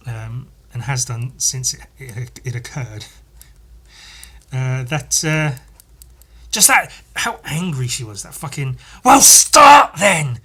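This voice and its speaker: A man's voice: mid-range voice, bright, forceful tone. A man hosting a podcast, telling a story casually, rambling, swearing often and laughing at himself. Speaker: podcast host.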